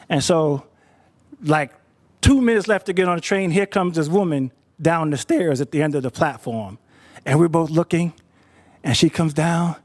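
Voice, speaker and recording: Man telling a story out loud, chatty, repeats himself a bit, pretty high voice. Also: normal speed. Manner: conversational, repeats words while thinking. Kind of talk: live personal storytelling.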